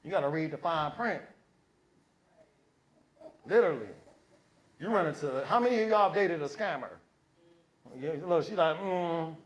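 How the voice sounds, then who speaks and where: Man, stand-up comic, high-pitched, lively, swears a lot, handheld mic on stage. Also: normal speed, long pauses. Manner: animated storytelling, acting out voices; profane, slangy. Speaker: stand-up comedian. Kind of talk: stand-up comedy. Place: comedy stage before a live audience.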